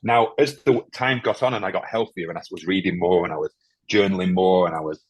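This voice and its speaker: Male guest, deep husky voice, quick and halting, emotional and candid. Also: dry recording. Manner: halting, emotional, many restarts. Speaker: podcast guest, firefighter. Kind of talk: candid interview conversation.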